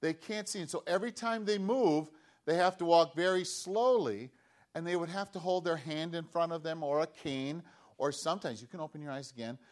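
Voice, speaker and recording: Man, children's sermon, lively storyteller, slightly high voice, acts out characters.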